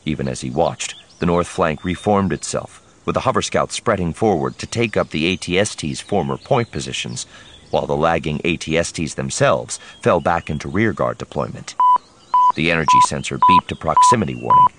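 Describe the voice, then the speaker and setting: A man's voice: a bass voice, wildly swooping pitch, moderate pace, pushed and bright, slight background noise. A man narrating an audiobook dramatically, voicing each character himself.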